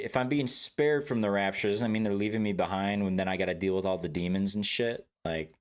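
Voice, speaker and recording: A man streaming a game, chatting casually with his viewers in a joking, laid-back way, swearing freely and laughing often. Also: on the low side.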